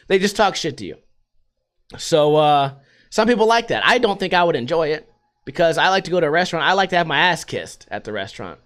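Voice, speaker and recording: A man in his thirties rambles through a casual comedic monologue, crude and quick to laugh. His voice sits high and sounds bright and forceful. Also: very animated. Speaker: podcast host.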